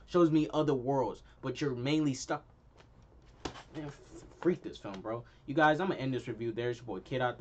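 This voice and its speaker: A young man hosting his own channel, giving a heated, slangy movie review full of repeated punchlines. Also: mid-range voice. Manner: slangy, heated and emphatic, repeats lines for effect. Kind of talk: casual ranting review.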